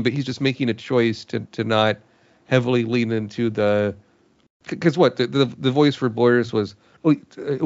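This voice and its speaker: A man's voice: mid-range voice, creaky, no echo. A man co-hosting a casual podcast chat who rambles and restarts his sentences. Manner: rambling, full of restarts and fillers. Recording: dry, dull lo-fi recording.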